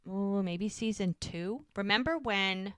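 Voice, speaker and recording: Woman podcast co-host, chatty recapper, mid-pitched, close dry mic. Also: slow, fairly bright tone, clear, resonant tone, no room sound. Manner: chatty, retells scenes acting out lines. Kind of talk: casual recap of a TV episode.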